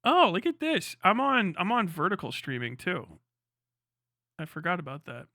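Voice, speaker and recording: Bright, chatty male streamer. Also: sits high, wildly swooping pitch, moderate pace, no echo, clean studio sound. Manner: rambling, profane, laughing asides. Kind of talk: casual live-stream reaction chat.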